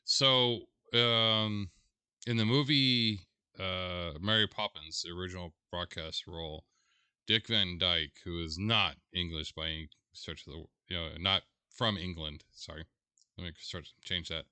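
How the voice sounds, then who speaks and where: A man with a low voice and a sharp, very bright, smooth tone. He talks slowly in a casual, halting way, stopping to search for words, and the sound is dry and close. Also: no room sound. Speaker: video reviewer. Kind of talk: casual commentary.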